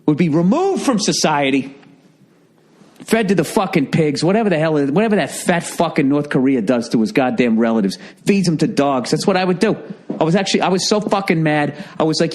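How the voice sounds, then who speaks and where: A man's voice: on the high side, fairly quick. A middle-aged man hosting a podcast, telling a comic story in a profane, exasperated rant with a Boston accent. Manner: profane, exasperated, animated ranting. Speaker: podcast host.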